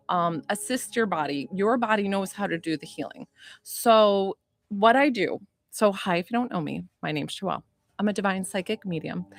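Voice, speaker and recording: A gushing, excitable woman talks on a phone livestream, her voice jumping between loud bursts and softer asides. She greets viewers as she chats, and faint music plays underneath. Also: mid-range voice, gravelly. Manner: gushing, excitable, chatty, reads out viewer names. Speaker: livestream psychic medium and healer. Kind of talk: excitable casual livestream chat.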